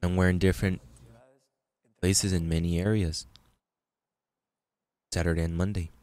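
Male pastor, low voice, informal sermon with scripture readings. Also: flat delivery, moderate pace, a little mellow, no room sound. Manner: conversational preaching, restarts, reads scripture aloud.

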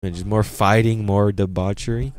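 A pastor giving a sermon in church, preaching with energy and sprinkling in frequent amens and repeated phrases. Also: male voice, on the low side, fairly even intonation, moderate pace. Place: church sanctuary.

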